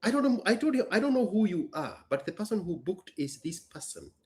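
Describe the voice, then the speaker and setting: A man's voice: high voice, sing-song, a little fast, a little mellow. A man, a business owner hosting a casual chat, telling a story emphatically and bluntly. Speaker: business owner and show host.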